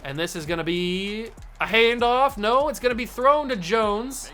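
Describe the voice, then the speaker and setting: Brief: young man, upbeat gaming commentator, slightly high voice, jokey sportscaster manner. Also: moderate pace. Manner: excitable, jokey, narrates own plays like a sportscaster. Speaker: gaming channel host. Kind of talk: casual play-by-play commentary while gaming. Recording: faint game music behind.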